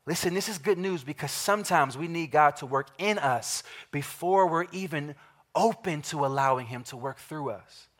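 A man with a high voice preaches to his congregation. He leans hard on repeated phrases, slows down to stress key words, and puts direct questions to the listeners. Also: a bit bright. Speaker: pastor. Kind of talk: sermon.

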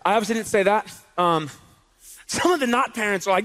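High-voiced man preaching in a reverberant hall. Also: fast. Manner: animated and chatty, with frequent rhetorical questions. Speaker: pastor. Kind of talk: sermon with casual storytelling. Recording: long reverb in a large hall.

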